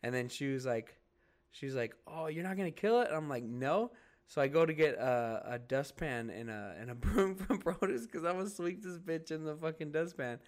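Co-hosting a podcast, a young man tells meandering tales in easygoing chat, peppering them with "like," "dude," and curse words. He speaks at a moderate pace with a voice on the higher side.

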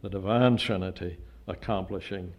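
An older man preaching a sermon, emphatic, with his voice rising to loud peaks when he stresses a point. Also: low-pitched, steady tone, normal speed, noisy background. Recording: dull lo-fi sound.

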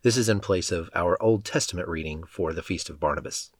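Guy reading bible passages, measured and solemn, lowish voice. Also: slightly rough. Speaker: scripture reader leading prayer. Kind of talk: slow liturgical scripture reading.

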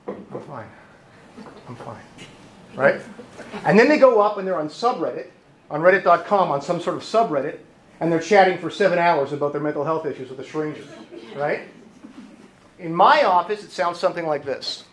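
Male therapist presenting, lively and funny, high animated voice, echoey hall, faint noise. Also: a little fast. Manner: lively and joking, acts out voices. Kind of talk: humorous conference talk. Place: conference hall.

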